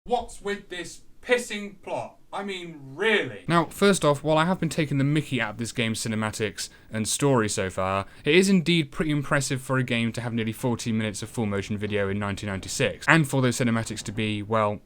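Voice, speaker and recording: A man narrating a comedic retro game review, sardonic, crude and deadpan, swearing freely as he recaps the story. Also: mid-range voice, fast, few pauses.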